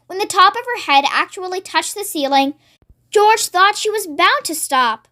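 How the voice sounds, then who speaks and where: A read-along narrator reading a children's story aloud in a steady, expressive way, then signing off to viewers. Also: very high-pitched, normal speed.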